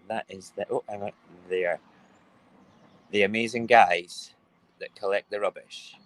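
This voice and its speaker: Moving between his kitchen and the windows, a chatty Scottish host runs a casual morning live stream from home, fond of repeating words in playful strings. His voice sits low, and the recording is rough.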